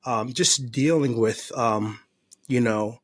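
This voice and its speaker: Husky-voiced man giving earnest testimony. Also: mid-range voice, slow, no echo, studio quality. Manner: earnest, heartfelt and emotional; faith-filled. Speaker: podcast guest. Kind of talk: personal testimony in conversation.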